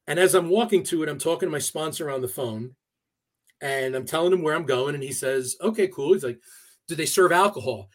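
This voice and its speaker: A man with a fairly high voice tells a long personal story in a relaxed interview. He talks in a halting way, with frequent restarts and fillers as he gathers his thoughts. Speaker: podcast guest. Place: New York area.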